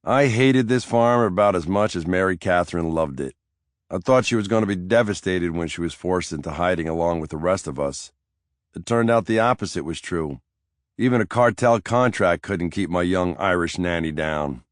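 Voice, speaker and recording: A man's voice: low-pitched, expressive, moderate pace, no room sound, clean studio sound. A man reading a crime thriller audiobook in a sardonic, brooding first-person voice. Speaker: audiobook narrator. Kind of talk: scripted first-person narration.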